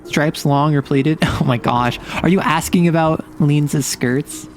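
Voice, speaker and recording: A man's voice: a little high, unhurried, faint music behind. Playful man streaming a game. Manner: playful, chatty, exaggerated reactions. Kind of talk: casual game commentary.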